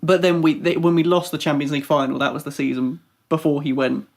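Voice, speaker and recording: A man's voice: fairly high pitch, little pitch movement, fast, creaky. A young man co-hosting a casual football podcast, rambling with lots of "like" and acting out little quotes. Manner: rambling, heavy on "like", acts out quotes. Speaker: podcast co-host, Arsenal fan. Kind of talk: casual chat.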